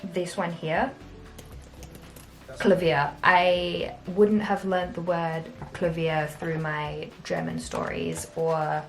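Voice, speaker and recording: Brief: young Australian woman, laid-back vlogger, lower register, faint music underneath. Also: animated, slow pace. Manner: chatty, self-deprecating, laughs often. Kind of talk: casual chat to camera.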